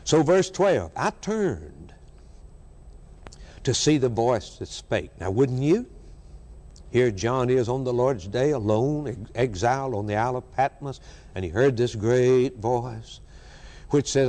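A man delivers a fervent sermon, driving his points home through repetition. His pitch swings widely between high declarations and low, quiet phrases. The recording carries the long reverb of a large hall. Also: animated, takes it slowly. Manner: fervent, emphatic preaching with repetition. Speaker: preacher.

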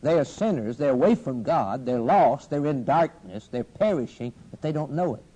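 A man's voice: mid-range voice, animated, moderate pace, dark tone, slightly rough, rough recording. A man preaching a sermon with fervent, rising and falling emphasis and repeated phrases.

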